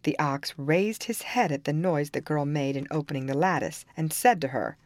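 A woman reading a fairy tale aloud in calm, even-paced storybook narration. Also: low-pitched, moderate pace, dry recording.

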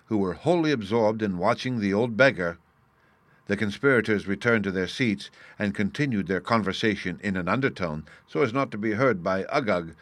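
A man narrating a storybook in a measured, expressive reading. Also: lowish voice, no echo.

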